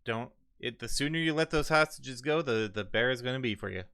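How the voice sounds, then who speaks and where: A man voicing a calm but threatening male security guard who gives firm, clipped warnings. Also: mid-range voice, brisk, smooth, pitched above the performer's own voice.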